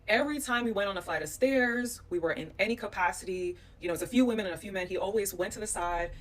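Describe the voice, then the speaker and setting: A woman's voice: medium pitch, quick pace, distant mic. A woman from the United States telling a travel story in a vlog, animating it with quoted voices. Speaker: vlogger recounting a trip.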